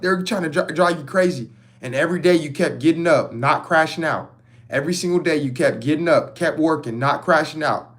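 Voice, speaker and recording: A man's voice: a little high, brisk, a bit bright. A man giving a spiritual tarot reading to camera, emphatic and preachy, repeating phrases for effect and mixing in slang and swearing. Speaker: tarot reader.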